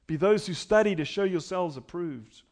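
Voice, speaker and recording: A man's voice: sits high, normal speed, darkish tone. A middle-aged man preaching a sermon as pastor, emphatic and building with repeated phrases.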